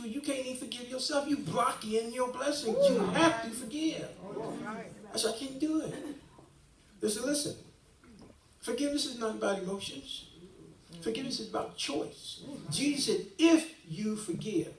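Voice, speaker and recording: Man, 60s, church testimony, lively storyteller doing all the voices, heard from a distant mic in an echoey hall. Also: very high-pitched, moderate pace. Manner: animated storyteller acting out quoted dialogue. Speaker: guest speaker giving testimony. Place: church hall, live stream.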